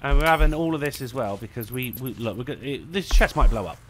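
A man's voice: medium pitch, expressive, quick pace, noisy background. A man streaming a video game, rambling, swearing and mocking himself as he plays. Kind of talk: let's play commentary.

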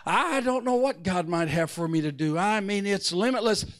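Older male preacher with a very high voice. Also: animated, moderate pace. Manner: fervent preaching that swings between loud shouted bursts and quiet asides. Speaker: pastor. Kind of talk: sermon. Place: church sanctuary before a live congregation.

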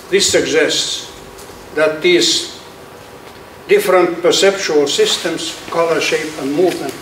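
An older man, an architect, reading a prepared lecture aloud in a slow, measured way with occasional restarts. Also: on the high side. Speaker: architect giving a symposium lecture. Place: lecture hall. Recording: echoey hall, speaker far from mic, faint hiss.

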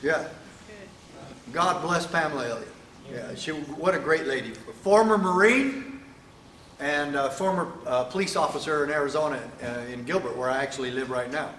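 A man giving an emphatic political speech to an audience at an event, pausing for rhetorical questions. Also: on the high side, a bit bright, distant mic, slight background noise. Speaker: speaker at a sheriffs' event. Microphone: microphone, sometimes stepping away. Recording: echoey hall.

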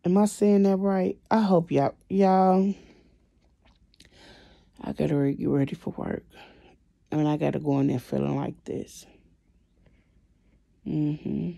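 A woman vlogger venting to her viewers, emotional and swinging between quiet and loud, constantly addressing them directly. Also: low-pitched, flat delivery, takes it slowly, gravelly, long pauses, dry recording, lo-fi sound. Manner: emotional, repeats "y'all" constantly. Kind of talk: venting to camera.

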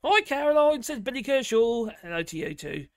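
A man's voice: very high-pitched, big pitch swings, a little fast, no room sound, studio quality. A middle-aged man with a giggly, self-mocking manner, chatting casually as host of a live stream. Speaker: livestream host.

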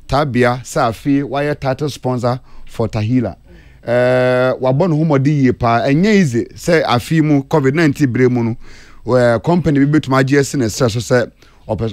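A Ghanaian man speaks as a radio guest, sliding between English and Twi with long hesitating fillers. His voice sits at a middle pitch and the recording is dry, with no room sound. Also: no echo. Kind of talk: casual radio talk.

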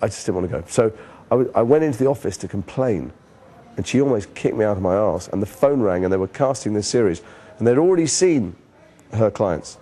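A man from Liverpool with a fairly low, warm and mellow voice tells stories from his acting career in an interview. He talks in a lively, animated way and often breaks off and restarts his sentences. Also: a little fast. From Liverpool, England. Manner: animated storyteller, frequent restarts. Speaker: actor, interview guest. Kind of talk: candid anecdotal interview talk.

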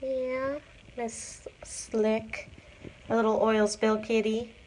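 A woman giving a live tour of an animal shelter as its manager, explaining each cat plainly and then cooing at them in a high sing-song voice. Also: fairly even intonation, drawn-out words, darkish tone, a little hiss or hum.

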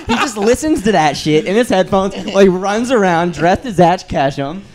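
A man's voice: sits high, animated, normal speed, heavy background noise. A man co-hosting a gaming comedy podcast, bantering casually and animatedly, often laughing. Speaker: podcast co-host. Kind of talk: casual chat.

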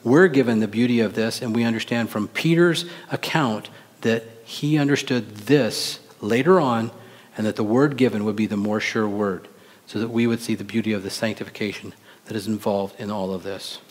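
Male pastor, sermon, animated delivery, reverberant church recording. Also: lowish voice, normal speed. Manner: animated, acts out quoted voices, rhetorical questions to the congregation. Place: church sanctuary. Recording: long reverb of a church hall.

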